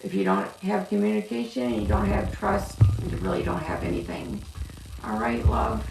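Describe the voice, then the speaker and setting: A woman reading cards on a live stream, chatting warmly with viewers and calling them love. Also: mid-range voice, very animated, normal speed, vocal fry, far from the mic. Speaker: card reader. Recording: echoey room, off-mic, noisy.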